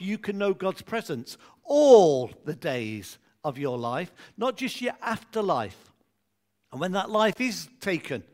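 A man from England delivers a sermon with a high voice. He tells a story in an easy, conversational way, then slows down to read scripture aloud. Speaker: preacher.

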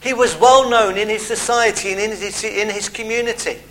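High, bright-voiced preaching man. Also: a little hiss or hum, low-quality recording. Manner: expressive preaching with emphatic pauses and asides. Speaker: pastor. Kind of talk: sermon.

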